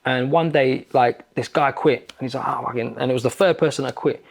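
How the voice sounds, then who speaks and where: Guest in his forties, gravelly, animated storyteller who swears a lot. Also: medium pitch, a little fast. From London. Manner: animated, swears freely, acts out quoted exchanges. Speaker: podcast guest. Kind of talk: casual conversational storytelling.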